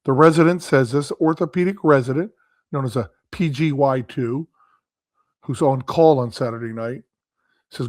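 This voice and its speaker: A man's voice: medium pitch, moderate pace, dry recording, clean studio sound. A man, a guest expert, telling a long anecdote in a casual conversational way, acting out quoted dialogue and tagging points with "right?". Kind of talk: casual storytelling talk.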